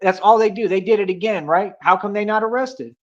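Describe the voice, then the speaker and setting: Young dude ranting on his stream, high pitched, cocky street talk, kinda muffled lo-fi audio. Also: a little fast. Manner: boastful, confrontational, slangy street talk. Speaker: livestream host. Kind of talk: ranting livestream monologue.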